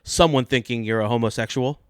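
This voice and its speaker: Deadpan comedic male podcast co-host. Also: mid-range voice, a little fast, clean tone, no echo, clean studio sound. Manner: deadpan, mock-serious delivery. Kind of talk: comedic sports podcast banter.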